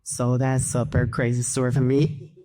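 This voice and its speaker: A woman's voice: extremely low pitch, monotone, moderate pace, dark tone. A woman on a discussion panel, earnestly sharing a personal story and reflecting on it. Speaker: panel guest.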